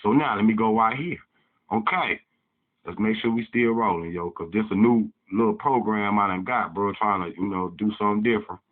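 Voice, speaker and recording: A man's voice: fairly low pitch, fairly quick. A man giving a fiery, preachy lecture in casual talk, reading passages aloud and breaking into heated rants. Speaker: channel host. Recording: tinny phone-like sound.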